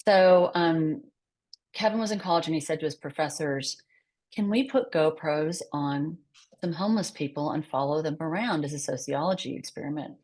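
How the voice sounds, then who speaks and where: Female guest, low register, animated storyteller who voices the dialogue. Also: normal speed. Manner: animated, acts out quoted dialogue. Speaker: podcast guest, charity founder. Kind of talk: conversational storytelling.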